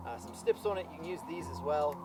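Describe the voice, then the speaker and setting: Male farmer vlogger with a slightly high voice and a rambling, filler-heavy how-to delivery, recorded outdoors over music. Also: fast. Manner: rambling, many ums and uhs. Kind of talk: casual how-to vlog. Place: outdoors on a farm. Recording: music playing underneath.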